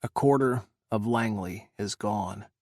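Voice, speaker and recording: A man voicing an exhausted male Secret Service agent, speaking low, measured and somber. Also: darkish tone, no echo, clean studio sound. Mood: grim.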